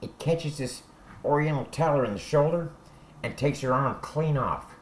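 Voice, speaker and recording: This former inmate speaks at a normal speed in a fairly high, animated voice, with a bit of background noise. His prison tales come out casual, crude and direct, punctuated again and again by "all right?"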